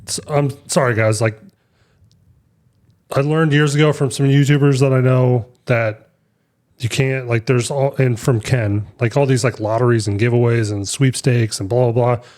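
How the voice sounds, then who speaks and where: A man's voice: mid-range voice, fairly even intonation, normal speed, darkish tone. A young adult man co-hosting a podcast, telling stories in a rambling way with many fillers and restarts. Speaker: podcast co-host. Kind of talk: casual chat.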